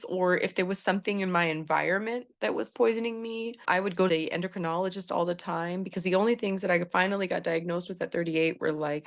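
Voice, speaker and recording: Middle-aged woman, low voice, gravelly fry, candid personal storytelling, earnest, lots of fillers. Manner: candid, earnest, recounts dialogue with many fillers. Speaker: patient sharing her story.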